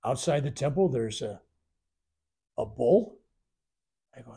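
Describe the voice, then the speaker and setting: A man with a gravelly, husky voice tells a spiritual story to a workshop. His tone is dark and mellow, and he rambles while acting out the voices he quotes. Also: mid-range voice, a little slow. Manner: rambling, animated retelling with acted quotes. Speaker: spiritual teacher. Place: workshop room.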